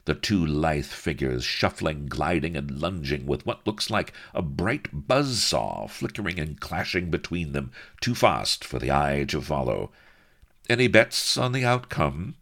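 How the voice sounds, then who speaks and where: A man's voice: rumbling low, expressive, unhurried, few pauses, fairly bright tone. A man reading a story aloud with playful, theatrical storytelling. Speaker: audiobook narrator. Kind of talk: scripted narration.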